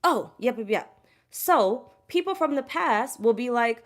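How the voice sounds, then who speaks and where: A woman's voice: a little high, expressive, a little slow. Blunt, cursing woman tarot reader. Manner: blunt, emphatic, heavy cursing, repeats herself. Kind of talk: casual spiritual pep talk to camera.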